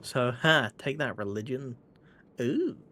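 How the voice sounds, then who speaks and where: A man's voice: medium pitch, sing-song, slow pace, bright, forceful tone, slight background noise. An English man casually commenting on his gameplay as a streamer, wry and playful, sometimes slipping into mock-posh phrasing. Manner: playful, wry, slips into put-on posh voices.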